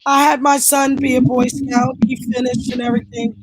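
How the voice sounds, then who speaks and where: A woman's voice: sits high, flat delivery, brisk, noisy background. A motherly, chatty woman on a live stream, talking through a sore throat. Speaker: guest. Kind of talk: casual live-stream chat.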